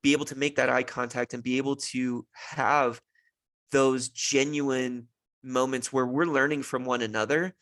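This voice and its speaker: A man's voice: medium pitch, steady tone, normal speed, a bit bright, no echo, studio quality. A young man hosting a solo podcast about fatherhood, talking earnestly and thoughtfully with many "you know" fillers. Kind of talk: reflective solo podcast monologue.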